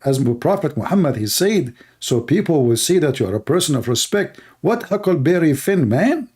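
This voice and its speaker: A man's voice: a little high, big pitch swings, moderate pace, few pauses, a little mellow, husky. A man hosting a show, giving mocking commentary on a video in sarcastic, broken English. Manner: sarcastic, repeats himself, broken English grammar. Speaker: host.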